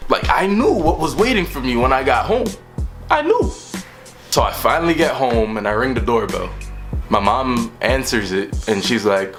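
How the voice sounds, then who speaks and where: A young man telling a storytime vlog in an animated way, acting out the voices of the people in his story. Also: mid-range voice, normal speed, music in the background. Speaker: vlogger.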